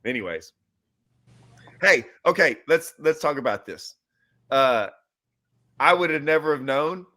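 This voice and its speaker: A man's voice: a little high, unhurried, long pauses, sharp tone. A man hosting a casual chat, joking loosely and quoting himself as he tells stories. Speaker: host and pro angler.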